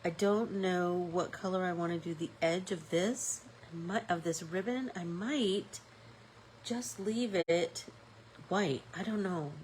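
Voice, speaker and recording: A woman's voice: fairly low pitch, slow pace, darkish tone, slight background noise, low-quality recording. A woman with a stuffy nose hosting a live-stream art class, chatting casually and thinking aloud with fillers as she paints.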